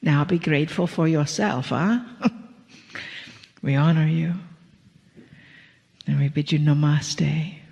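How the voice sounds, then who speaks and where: A woman delivering a channeled spiritual message to an audience, speaking slowly and gently, playful at times and often dropping to a whisper. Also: deep voice, fairly even intonation, vocal fry, long reverb tail.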